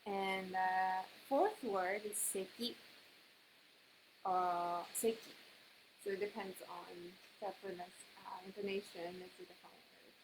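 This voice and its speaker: A woman teaching a language class, patient and explaining slowly with many fillers. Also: medium pitch, fairly even intonation. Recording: hissy background noise.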